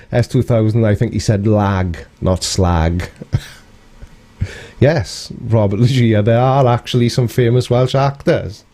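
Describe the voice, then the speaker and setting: Guy on a live stream, talks slow and laid back, mellow voice, keeps chuckling at comments. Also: fairly low pitch. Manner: chuckles often, rambling and cheeky. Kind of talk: casual live chat reading comments.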